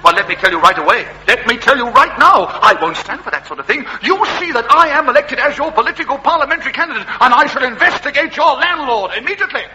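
An actor playing a pompous parliamentary candidate who is easily outraged and stammers when flustered, in a comedy sketch. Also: male voice, extremely high pitch, animated, fast, few pauses, noisy background. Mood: shocked. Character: pompous upper-class male parliamentary candidate.

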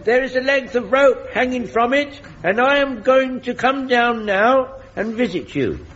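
An eager, muddled old soldier with a very high voice. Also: male voice, animated, a little slow, a bit bright, full character voice. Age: older. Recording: dull, roomy sitcom soundtrack with long reverb and faint noise.

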